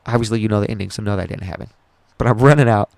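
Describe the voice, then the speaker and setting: A man's voice: lowish voice, very fast, creaky, a little mellow, no room sound. A young man hosting a podcast, telling a personal story in a rambling, profane and emotional way. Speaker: podcast host.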